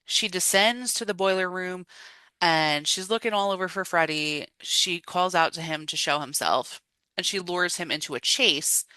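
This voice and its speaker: On a podcast, a woman co-host chats casually through a film recap, acting out quotes with animated energy and frequent laughter. Her voice sits fairly low and smooth at a moderate pace, with no room sound.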